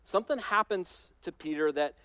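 A man pastor preaching a sermon in a conversational, animated storytelling way with touches of humor. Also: high voice, moderate pace, no echo.

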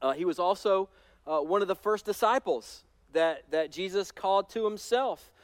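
A man pastor preaching a sermon in a conversational, animated storytelling way with touches of humor. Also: high-pitched, moderate pace, dry recording.

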